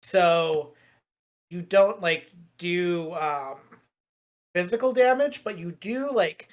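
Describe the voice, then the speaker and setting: A woman's voice: on the low side, slow. A woman narrating as game master of a tabletop role-playing game, chatty and meandering, with many fillers and restarts.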